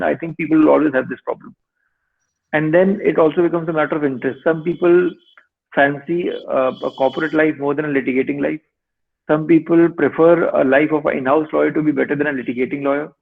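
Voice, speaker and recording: A male lawyer in his thirties, giving measured advice in a webinar over a video call. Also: fairly high pitch, gravelly, slightly rough. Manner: measured, advisory. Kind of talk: webinar answer. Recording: tinny online call audio.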